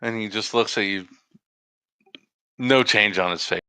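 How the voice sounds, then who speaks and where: A man serves as game master, narrating scenes in a halting, stop-and-start way. His voice is bright and forward, recorded close and dry with almost no room sound. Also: on the low side, clear, resonant tone, dry recording.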